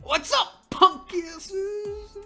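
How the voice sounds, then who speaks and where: A webtoon reader voicing a brash teen girl who sneaks up behind her friends with a loud, taunting shout. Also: very high voice, fairly even intonation, extremely slow, faint music behind, pitched above the performer's own voice, heavily acted.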